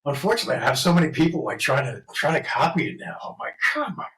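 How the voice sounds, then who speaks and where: A man's voice: medium pitch, rapid-fire, low-quality recording. A man with a New York accent, a tattoo artist guest swearing freely and laughing as he tells stories. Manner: profane, laughing, animated storyteller. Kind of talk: casual storytelling.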